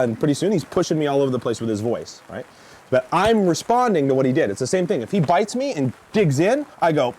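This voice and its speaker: A man teaching a dog training seminar, lecturing in an animated way and acting out reactions. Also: a little high, fast talker. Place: seminar venue.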